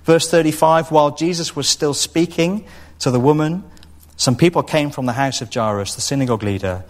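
A man preaching a sermon, expressive and storytelling, now and then acting out what people in the story say. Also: fairly high pitch, a little fast. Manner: expressive, acts out quoted voices.

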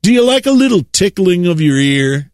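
A man delivers a sermon in a sarcastic, lecturing tone and often chuckles at his own remarks. His voice sits a little high for a man. The sound is close and dry, with no room echo. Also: big pitch swings, normal speed, darkish tone. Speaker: preacher.

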